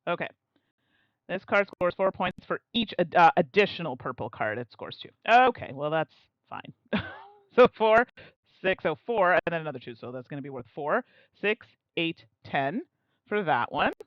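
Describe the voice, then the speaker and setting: A woman's voice: on the low side, big pitch swings, no echo, highs cut off. A young woman chatting casually as she streams a solo board game, talking through her moves and laughing at herself. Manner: chatty, self-mocking, quick to laugh. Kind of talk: casual live-stream commentary.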